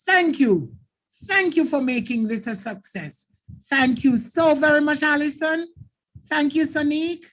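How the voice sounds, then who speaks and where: A woman's voice: high-pitched, measured pace. A Jamaican woman teacher running a live online exam-prep lesson, explaining patiently and thanking viewers by name.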